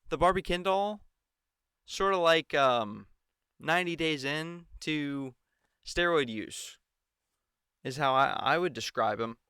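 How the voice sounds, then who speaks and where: A man picks apart a debate in a mocking, sarcastic tone, and he takes his time with it. His voice is a touch high and smooth, and the recording is close and dry. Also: a bit bright, dry recording. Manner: mocking, mimics the anchors in exaggerated voices. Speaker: political commentator. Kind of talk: sarcastic solo commentary.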